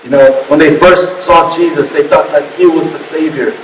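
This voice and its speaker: A man preaching a sermon as pastor, emotional, swinging from hushed to loud and repeating his words. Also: a little high, steady tone, moderate pace, roomy sound, big-room sound, far from the mic, slight background noise, poor audio.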